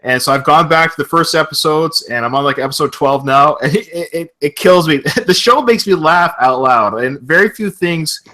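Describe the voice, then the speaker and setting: A man's voice: on the high side, normal speed, few pauses, pushed and bright. A man from Canada hosting a podcast, chatting casually, laughing often and heaping on praise. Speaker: podcast host.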